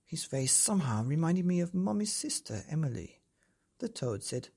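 A woman with a low, slightly husky voice reads a rhyming bedtime story. Her pitch swoops lively through the verse, and she is expressive and playful. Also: normal speed.

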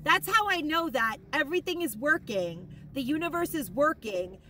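A woman in a casual shopping haul vlog, gushing and rambling with excitement, emotional and near tears at times. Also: high voice, normal speed, a little hiss or hum. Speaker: haul vlogger.

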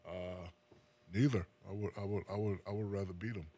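A man in his forties from New Jersey talks with a very deep, low voice in a loose, unhurried interview chat. He often restarts his sentences, repeating his first words before going on. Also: breathy edge. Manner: relaxed, repeats his words when starting. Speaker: guest.

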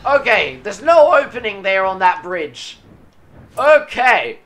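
A young man giving live commentary while streaming a racing game, excitable and whooping at near misses. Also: sits high, takes it slowly, low-quality recording. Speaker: gaming streamer. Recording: game audio with engine noise.

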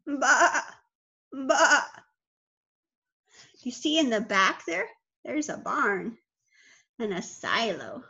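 High animated lady reading a kids farm book real slow, muffled recording. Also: gravelly, slightly rough. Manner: sing-song, making animal sounds. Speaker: storytime reader. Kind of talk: children's storytime read-aloud.

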